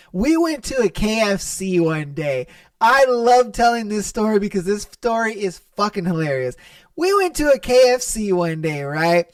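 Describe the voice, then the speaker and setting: A man's voice: high-pitched, dry recording, far from the mic. A young man hosting a podcast, telling funny customer stories in a casual, profane way and laughing as he goes. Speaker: podcast host. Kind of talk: casual storytelling monologue.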